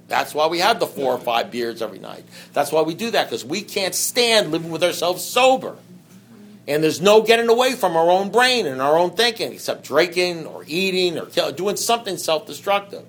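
A man speaking to a recovery meeting in a rambling, conversational way, full of "you know" asides, swinging between loud bursts and quiet low stretches and acting out dialogue. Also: expressive, normal speed. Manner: acts out dialogue in anecdotes. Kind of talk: personal recovery talk to an audience.

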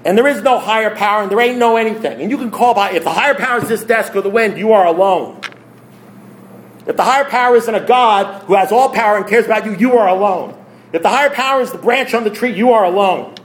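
A man's voice: high-pitched, fast. A man speaking at a recovery meeting, blunt and preachy, firing off rhetorical questions. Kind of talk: AA meeting talk.

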